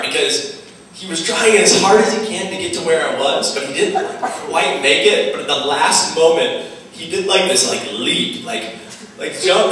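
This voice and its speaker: A young man speaking to teens at a retreat, telling a personal story in a casual, animated way full of fillers. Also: on the high side, slight background noise. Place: large hall. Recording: very echoey hall from far off.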